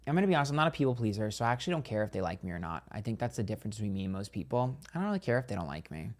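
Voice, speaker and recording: A man's voice: lowish voice, big pitch swings, rapid-fire. Blunt, chatty young man. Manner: blunt, candid, heavy use of "like". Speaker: psychic tarot streamer. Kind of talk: casual chat reading viewer comments.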